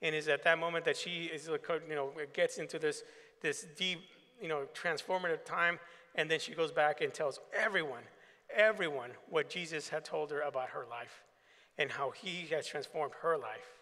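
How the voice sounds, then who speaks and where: A male pastor delivers a keynote to an assembly in a large hall, telling anecdotes and acting out the dialogue within them. His voice is a little high and sharp in tone, at a moderate pace. The recording carries long hall reverb.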